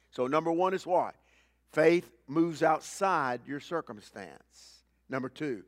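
A man preaching a sermon as pastor, swinging between loud emphatic lines and quiet low asides and repeating key phrases. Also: expressive, slow, dry recording, studio quality.

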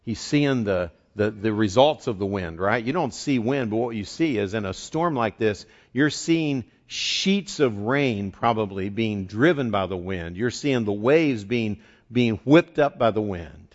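A man from the eastern United States preaching a sermon as pastor, telling the story in a conversational, animated way. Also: fairly low pitch, unhurried. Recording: dull lo-fi recording.

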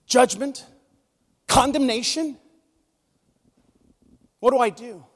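A pastor preaching a conversational sermon, telling stories with emotion. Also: male voice, very high-pitched, takes it slowly. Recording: long reverb of a large hall.

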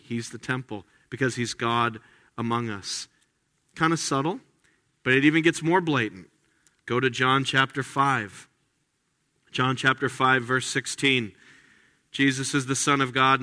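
A man preaching a sermon as pastor, animated, acting out quoted lines in lively voices. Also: mid-range voice. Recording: long hall reverb.

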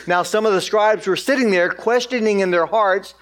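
A man's voice: high-pitched, moderate pace, hardly any pauses. A man preaching a sermon, reading scripture aloud and explaining it in a casual, conversational way with frequent "like.". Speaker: pastor.

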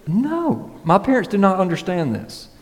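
A man's voice: sits high, huge pitch swings, moderate pace, long reverb tail. A man preaching a casual, conversational sermon as pastor, often checking in with the congregation. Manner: casual, conversational preaching with frequent "right?" and "y'all".

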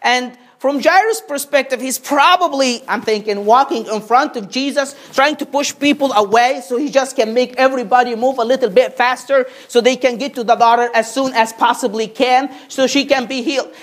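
Higher-voiced woman preaching with call-and-response. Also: moderate pace, hardly any pauses. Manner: call-and-response, rhetorical questions, repeated "Amen?". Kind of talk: sermon.

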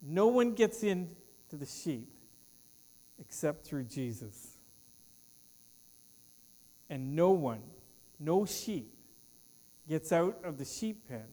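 A man's voice: on the high side, very animated, slow pace, pauses often, mellow, in a large hall. A man preaching a sermon as pastor, with an emphatic cadence that trails off at the ends of phrases. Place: church.

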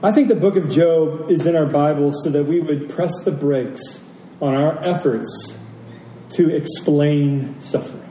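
Mellow-voiced preacher in a roomy hall. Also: male voice, a little high, a little slow, a little hiss or hum. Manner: emphatic, rhetorical questions, repeats key phrases. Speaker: pastor. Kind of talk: sermon. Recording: roomy, distant from the mic, faint ambience.

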